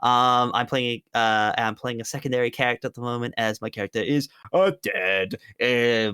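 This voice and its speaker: Rambling, upbeat man, smooth voice. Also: medium pitch, steady tone, normal speed, hardly any pauses, sharp tone, no echo, clean studio sound. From United Kingdom. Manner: rambling, upbeat, self-mocking. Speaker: tabletop game player plugging his projects. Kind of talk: casual end-of-stream chat.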